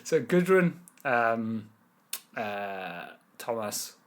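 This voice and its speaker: A man running a tabletop game as game master. His middle-pitched voice is relaxed and casual, with some hesitant pauses.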